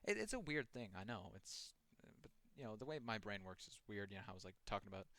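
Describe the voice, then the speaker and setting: A man's voice: lowish voice, sing-song, fast talker, fairly bright tone, no room sound. A young man talking loosely over a horror game he is playing, rambling and restarting his sentences with many fillers. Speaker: gaming channel host. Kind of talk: casual gameplay commentary.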